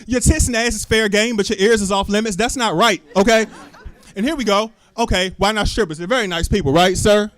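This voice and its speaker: A man's voice: sits high, fairly quick. Loose, chatty male stand-up comic. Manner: loose, chatty, asks the crowd lots of questions, cusses freely. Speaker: stand-up comedian. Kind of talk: live stand-up set with crowd work. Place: small comedy club stage. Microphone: handheld stage mic.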